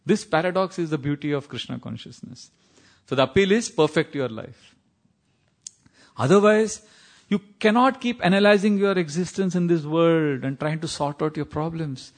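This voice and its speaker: A man from India speaks with an Indian accent in a fairly high voice as he leads a scripture class. He tells stories, recites Sanskrit verses and laughs at times. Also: moderate pace. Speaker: spiritual teacher.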